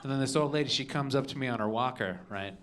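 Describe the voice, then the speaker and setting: A man's voice: mid-range voice, quick pace, a bit bright. A young man doing stand-up on a comedy club stage, punchy, with "okay?" after each joke. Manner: punchy, adds "okay?" and "all right?" after jokes.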